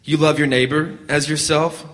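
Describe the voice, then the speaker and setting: A man voicing a gentle, mysterious stranger who asks soft, dreamy, probing questions. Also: on the high side, fairly even intonation, normal speed, natural voice.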